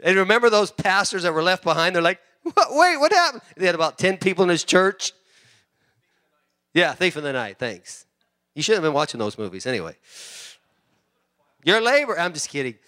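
Middle-aged male pastor, higher-pitched, sharp tone, animated sermon delivery with loud peaks and quiet asides. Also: a little fast, long pauses, no room sound, studio quality. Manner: repeats words and restarts often.

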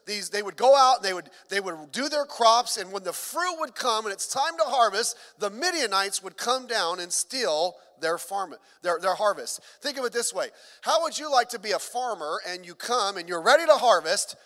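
A man's voice: sits high, sharp tone, big-room sound. A middle-aged man, a pastor, preaching a sermon in a conversational way with joking asides.

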